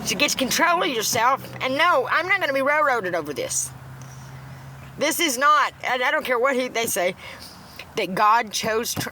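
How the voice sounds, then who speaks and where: A woman's voice: high voice, expressive, moderate pace, bright, forceful tone, slight background noise. A middle-aged woman ranting to a phone in a blunt, profane, rambling way, recorded in a parked car. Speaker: TikTok livestreamer. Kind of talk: ranting casual monologue.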